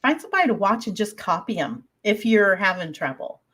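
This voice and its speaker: A woman's voice: mid-range voice, very animated, fairly quick, fairly bright tone, breathy edge. Chatty laughing woman with a folksy Southern twang. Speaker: podcast co-host. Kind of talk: casual chat.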